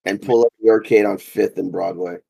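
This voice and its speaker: A man's voice: lowish voice, fairly even intonation, fairly quick, creaky, dark tone, breathy edge. A man, a podcast co-host in laid-back casual chat, swearing now and then.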